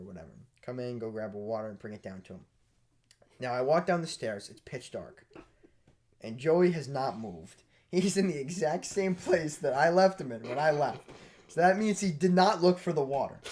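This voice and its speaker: A young man co-hosting a podcast, telling a story in a casual, animated way and laughing as he goes. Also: mid-range voice. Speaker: podcast co-host.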